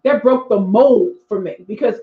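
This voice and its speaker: A woman's voice: mid-range voice, normal speed. A woman in her forties, a speaking coach, chatting live with her viewers and talking straight to them. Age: 40s. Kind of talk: live stream chat reading viewer comments. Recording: echoey room, dull lo-fi sound.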